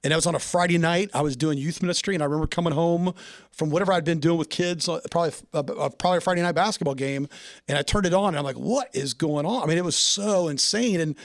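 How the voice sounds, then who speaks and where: A man's voice: on the high side, quick pace, no echo, studio quality. A man hosting a podcast interview who asks enthusiastic, rambling questions. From Indiana. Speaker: podcast host. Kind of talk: conversational interview.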